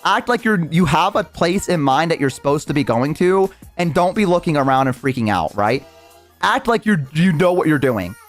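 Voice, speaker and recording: A man's voice: fairly high pitch, lively intonation, normal speed, faint music behind. Young man rambling through a wild story. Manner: rambling, swearing, full of restarts. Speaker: streamer. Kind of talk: casual storytelling on stream.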